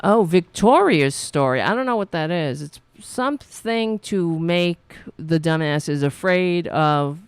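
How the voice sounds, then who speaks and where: A woman's voice: fairly low pitch, lively intonation, slow, hardly any pauses, clean tone, no room sound. A woman hosting a casual political livestream, blunt, sarcastic and profane, who often halts to search for her words. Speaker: livestream host.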